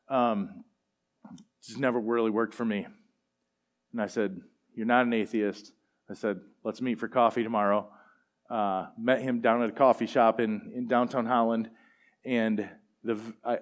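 A middle-aged man preaching a sermon and telling personal stories in a relaxed, conversational way, with plenty of fillers. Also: fairly low pitch. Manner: conversational, animated storytelling with fillers. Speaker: pastor. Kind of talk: sermon storytelling.

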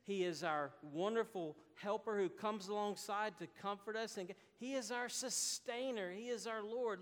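A man's voice: sits high, long reverb tail. A man preaching a sermon as pastor, earnest and building to emphatic declarations.

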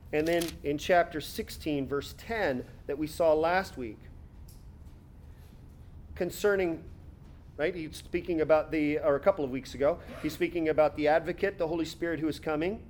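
High-voiced man preaching a sermon. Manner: reads scripture aloud, then explains it conversationally; slows down and stretches words for emphasis. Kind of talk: expository sermon.

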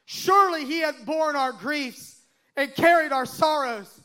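High-pitched man preaching with drama. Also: measured pace. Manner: dramatic, swelling and dropping to a hush. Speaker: pastor. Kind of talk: sermon with scripture reading.

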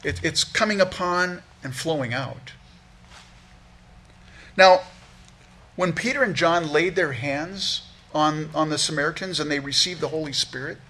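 A man's voice: fairly high pitch, lively intonation, a little slow, pushed and bright, husky. A man preaching as a pastor, earnestly teaching through a Bible passage verse by verse, often repeating words as he restarts a thought.

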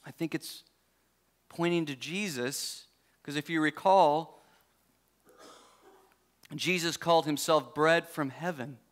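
A man's voice: a little high, slow, long pauses. A man preaching a sermon as pastor in a conversational way, with joking asides and frequent self-corrections. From United States.

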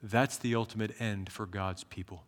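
A man preaching an expository sermon, reading scripture and commenting on it. He talks earnestly, building to emphatic peaks and then dropping low and slow. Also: fairly even intonation, long reverb tail.

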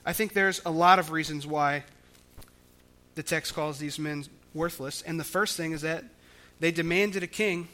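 A man's voice: a little high, normal speed, pushed and bright. A man preaching a sermon, explaining scripture in a conversational way with frequent restarts. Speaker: pastor.

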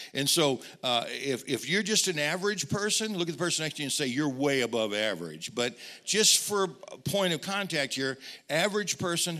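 A middle-aged male pastor delivers a storytelling sermon and speaks straight to his congregation. His voice is bright and forceful at an average pitch, and he often repeats words as he goes.

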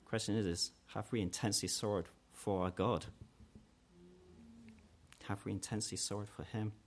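A man with a low voice preaches an earnest sermon. He speaks steadily and with conviction, lifting his voice higher and louder whenever he voices the challenges he quotes. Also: steady tone, normal speed, a little hiss or hum. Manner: earnest, rises in pitch and force when quoting mockers.

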